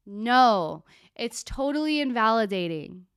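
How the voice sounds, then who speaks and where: A woman talks to her viewers on a live stream in a candid, animated, chatty way, now and then with a casual swear. Her voice is smooth and clear, at a middle pitch, and the sound is dry and close. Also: measured pace, no echo. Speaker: therapist hosting a live Q&A.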